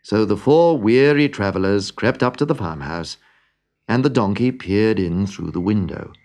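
A man reading a children's story aloud in an expressive, animated way. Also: on the low side, moderate pace. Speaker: narrator.

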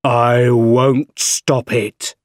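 Male reader voicing a heavy, very slow storybook scientist, mid-pitched, dry close sound. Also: a little mellow, no echo. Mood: grave. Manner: very slow, heavy, deliberate delivery. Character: troubled middle-aged male scientist, grave and torn. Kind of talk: storybook character voice.

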